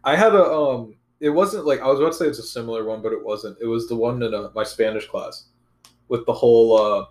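A man's voice: mid-range voice, brisk, a little mellow, echoey room. A young man telling a story in laid-back casual chat, swearing often.

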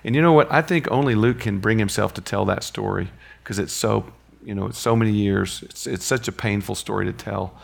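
Gravelly low-voiced man teaching scripture. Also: fairly quick. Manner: conversational, with frequent restarts and rhetorical questions. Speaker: Bible teacher. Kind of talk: verse-by-verse Bible lesson.

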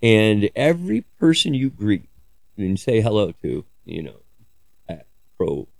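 Low gravelly man rambling with crude jokes. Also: sing-song, a little slow, a little mellow, no echo. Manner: crude, joking, digressive, swears freely. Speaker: podcaster. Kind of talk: rambling casual monologue.

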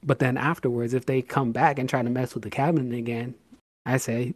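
A man's voice: medium pitch, fairly even intonation, fairly quick, dry recording. A man co-hosting a casual podcast chat, talking at length with worked examples and emphatic, acted-out bits of scolding. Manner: explains at length with hypothetical examples; emphatic, acts out scolding a child. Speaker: podcast co-host.

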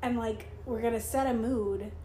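A woman chatting casually about a movie, full of "like" and quick to argue her point. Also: fairly high pitch, steady tone, mellow. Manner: chatty, lots of "like", argumentative. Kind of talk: casual movie commentary chat. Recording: roomy room with faint noise.

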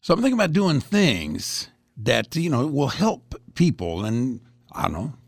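A man's voice: mid-range voice, sing-song, unhurried, gravelly, slightly rough, no room sound, clean studio sound. A man in his seventies hosting a rambling, folksy one-man commentary, chatting casually and drifting from topic to topic. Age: 70s.

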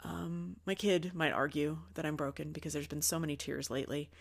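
Low-voiced woman, raw and candid. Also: fairly even intonation, fairly quick, gravelly. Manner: candid, swears often, talks openly about her feelings. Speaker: podcast host. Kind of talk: confessional spiritual monologue.

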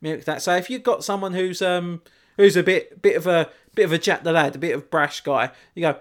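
A British man in casual chat, telling lively anecdotes with swearing. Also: fairly high pitch, a little fast, few pauses.

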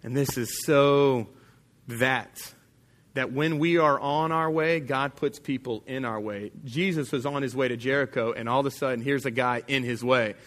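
A man's voice: medium pitch, moderate pace, fairly bright tone. A man pastor preaching a sermon to his congregation in an emphatic, casual and plain-spoken way.

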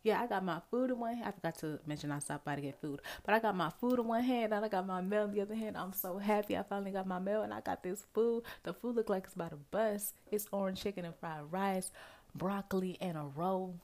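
A young woman vlogger telling a casual storytime to her viewers, animated and chatty, talking to them directly and acting out her own thoughts. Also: medium pitch, quick pace. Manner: dramatic asides and quoted self-talk. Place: indoors at home, near a window with rain outside.

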